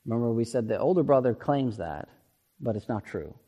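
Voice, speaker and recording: A man's voice: medium pitch, animated, a little fast, lo-fi sound. A male pastor giving an emphatic, earnest sermon and repeating words for stress. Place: church sanctuary. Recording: long reverb of a church sanctuary.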